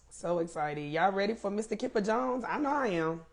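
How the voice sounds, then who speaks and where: A woman hosting a casual live stream, greeting viewers by name and laughing often while she waits for her guest, speaking. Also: mid-range voice.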